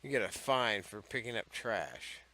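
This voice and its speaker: A man's voice: fairly low pitch, very animated, a little slow, bright, forceful tone. A man hosting a casual comedic commentary, rambling, sarcastic and profane as he reads out laws. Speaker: host of a comedy series on odd laws.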